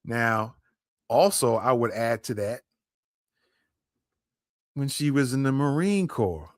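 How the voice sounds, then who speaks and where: A man's voice: mid-range voice, lively intonation, slow, no room sound. Guy doing podcast commentary, emphatic, keeps repeating himself, dry close sound. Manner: emphatic, repeats points, addresses listeners directly. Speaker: podcast host. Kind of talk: commentary on a played clip.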